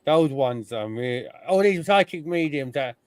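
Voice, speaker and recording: Guy chatting on a podcast, smooth voice, bit higher pitched, acts out bits as he goes. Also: moderate pace, no room sound. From United Kingdom. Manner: animated storyteller, mimics people he describes. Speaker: podcast host. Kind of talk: casual chat.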